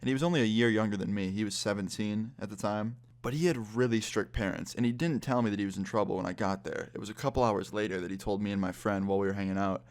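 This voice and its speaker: A man of about twenty, a vlogger telling a story in casual storytime style, swearing freely and retelling it in a lively way. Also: fairly low pitch, fast, few pauses.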